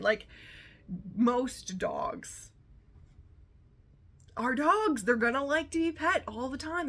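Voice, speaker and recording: A woman's voice: on the high side, a bit bright. A woman hosting her own podcast in a casual solo chat, rambling and sassy with lots of fillers, amped up on coffee. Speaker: podcast host.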